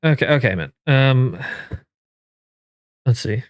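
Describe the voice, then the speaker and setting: A man streaming live, reacting in casual commentary with incredulous, swearing outbursts that jump up in pitch. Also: lively intonation, slow, no echo, studio quality. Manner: incredulous, swearing, rising to yelps of disbelief. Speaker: game streamer and YouTuber.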